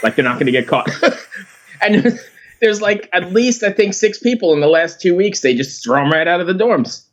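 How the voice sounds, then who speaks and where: A man's voice: high voice, very animated, normal speed. A man hosting an interview, chatting casually and chuckling as he shares his own stories. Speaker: podcast host. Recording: dull, lo-fi audio.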